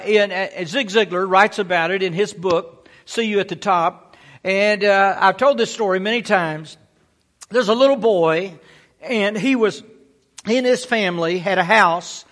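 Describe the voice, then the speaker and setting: A man's voice: sits high, fairly bright tone, big-room sound. A male pastor preaching a sermon, exhorting his listeners with rhetorical questions and frequent "amen" calls.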